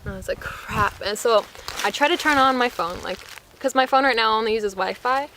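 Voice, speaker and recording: A woman's voice: a little high, fairly quick, bright, forceful tone, a little hiss or hum, poor audio. A young American woman telling a travel mishap story in a casual, breathless way, full of "like" and acted-out quotes. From United States. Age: young adult. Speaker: vlogger.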